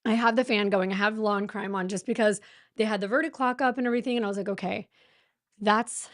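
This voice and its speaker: A young woman hosts a livestream from home, talking fast and shakily, her nerves plain in each sigh. Her voice sits mid-pitch and sounds close and dry, with no room around it. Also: steady tone, vocal fry, no room sound. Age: young adult. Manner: jittery and anxious, breathless, sighing. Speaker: true crime livestream host. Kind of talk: nervous casual livestream chat. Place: home streaming setup with a fan running.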